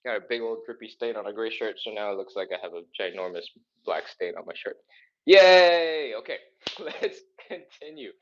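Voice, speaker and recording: A man with a lower voice talks quickly, captured in dull audio, while leading a live stretching session for people to follow. Upbeat and encouraging, the instructor counts off reps and sounds slightly out of breath from exercising.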